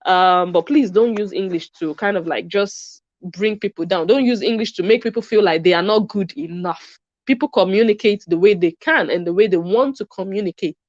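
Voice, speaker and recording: A woman speaks at a middle pitch as a vlog commentator, tossing out sarcastic questions. The recording is dry and a little dull, with no room sound. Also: moderate pace, a little mellow, no echo.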